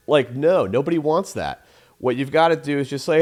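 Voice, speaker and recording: A man's voice: mid-range voice, animated, fairly quick. A young adult man hosting a show, giving casual sales advice in a rambling, profane way and acting out phone calls in voices. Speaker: sales trainer and host.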